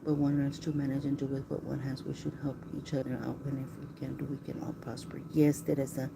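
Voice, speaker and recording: A woman chatting casually with viewers on a live stream, often dropping into a hushed voice. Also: a bass voice, flat delivery, a little fast, vocal fry. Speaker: livestream host. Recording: noisy phone livestream.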